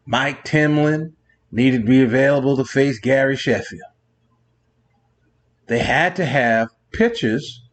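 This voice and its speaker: A man hosting a sports show, ranting in a rambling monologue full of digressions, exasperated with new rules. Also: mid-range voice. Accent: New York. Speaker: sports radio host.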